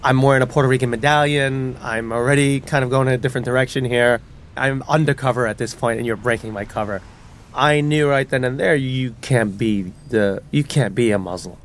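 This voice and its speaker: A man's voice: mid-range voice, a little hiss or hum. Man from telling his story. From New York City. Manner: animated, acts out voices in his story. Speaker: storyteller guest. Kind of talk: personal storytelling.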